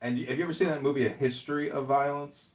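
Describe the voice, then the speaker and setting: A man's voice: medium pitch, steady tone, quick pace. Man, casual chat, provocative, mock-formal, roomy echo. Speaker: social audio guest. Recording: echoey, from a distance.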